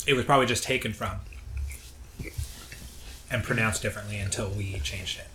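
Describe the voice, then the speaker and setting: A man co-hosting a podcast in casual chat, animated and jokey, swearing freely. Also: on the low side, brisk. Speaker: podcast co-host. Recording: echoey room, faint noise.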